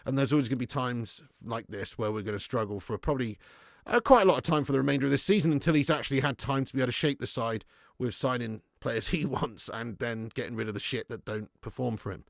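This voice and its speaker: A man hosting a live football fan stream, chatting excitably, swearing freely and laughing as he reacts and thanks viewers for donations. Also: medium pitch, fast talker, gravelly, no echo, studio quality. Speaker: football fan channel host.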